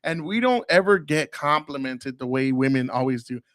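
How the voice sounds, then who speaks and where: A man's voice: mid-range voice, expressive, normal speed, a bit bright, dry recording, studio quality. A man hosting a podcast, talking in a casual monologue, blunt and crude with heavy profanity, acting out other people's voices as he tells stories. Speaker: podcast host.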